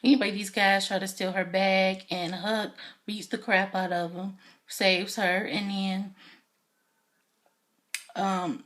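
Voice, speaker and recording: A woman's voice: mid-range voice, flat delivery, slow pace, long pauses, a bit bright. A woman casually recapping a TV episode for her channel, chatty and enthusiastic, with lots of fillers. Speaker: YouTube TV recap reviewer.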